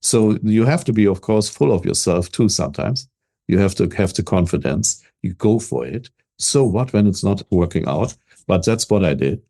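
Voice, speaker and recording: Talking casually to an interviewer, this older business coach from Germany sounds self-assured and animated, his German accent evident. He speaks at a moderate pace in a low voice, often echoing words as he begins a thought.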